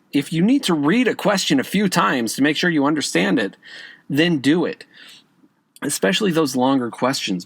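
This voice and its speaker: Slightly rough and a little high-pitched, this man's voice comes through with no echo. He is a podcast host sharing casual exam-prep advice in a conversational style, checking in often with "okay?" and hitting key words with emphatic rises.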